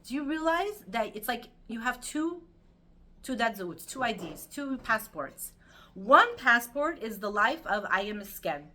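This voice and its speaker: A woman's voice: on the high side, measured pace, a little hiss or hum. A middle-aged woman giving a weekly Torah talk, telling stories with feeling and many fillers. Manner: animated, emotional storytelling with many fillers. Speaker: Torah teacher.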